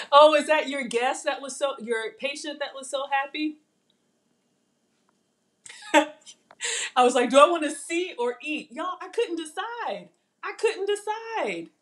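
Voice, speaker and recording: In a fairly high-pitched voice, a middle-aged woman streams live while cooking in her home kitchen. She keeps things casual, breaking into laughter and reading her viewers' comments out loud.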